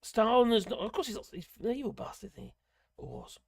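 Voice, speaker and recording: A man's voice: high-pitched, very animated, fast talker, gravelly, darkish tone, breathy edge. Rambling man ranting on a stream. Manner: rambling, blunt and ranting, with swearing and chuckles. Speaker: host of a live politics stream. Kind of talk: casual live-stream commentary.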